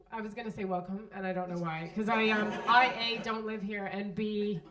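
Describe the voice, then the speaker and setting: A woman's voice: mid-range voice, fairly even intonation, moderate pace, a bit bright, far from the mic. An American woman performing a stand-up comedy set in a club, chatting with the crowd, laughing at her own jokes and acting out the people she describes. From United States. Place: comedy club stage, live audience. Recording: roomy live recording, mic heard from afar.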